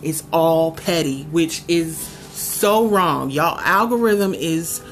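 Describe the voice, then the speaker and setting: A woman hosting a podcast, reviewing a show in a sassy, sarcastic, chatty way with lively asides. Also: deep voice, takes it slowly, faint music behind. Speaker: podcast host.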